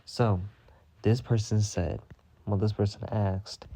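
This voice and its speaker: A man's voice: on the low side, steady tone, slow pace, dark tone, no room sound. A man hosting a storytime podcast, telling a story in a sassy, dramatic way with heavy cursing. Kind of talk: casual profane storytime rant.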